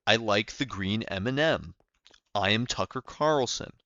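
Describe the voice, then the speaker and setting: A young man putting on the voice of a stern, deadpan male TV pundit making slow declarations. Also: on the low side, no room sound, lo-fi sound.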